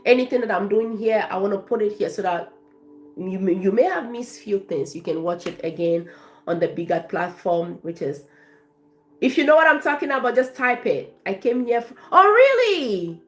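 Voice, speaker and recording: A woman's voice: medium pitch, normal speed, soft background music. Effusive woman coach live-streaming to viewers. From Africa. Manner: warm, effusive, thanks viewers by name. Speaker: life coach.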